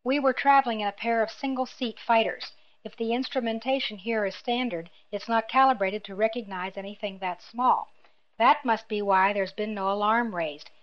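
A woman's voice: on the high side, normal speed, close to an everyday voice. A woman voicing a firm, earnest young man in a storybook reading, speaking directly. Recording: dull lo-fi recording.

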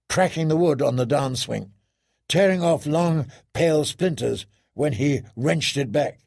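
Slow, gravelly male audiobook narrator. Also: a little high, a little mellow. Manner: slow, measured storytelling with grim weight. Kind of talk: scripted narration.

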